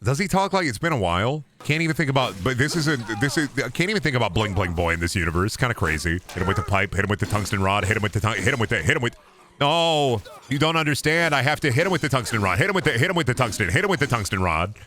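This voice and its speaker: A young man giving loose, joking commentary while he plays a video game, rambling and swinging between loud outbursts and low mutters. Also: lively intonation, quick pace. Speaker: gaming streamer. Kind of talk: casual gameplay commentary.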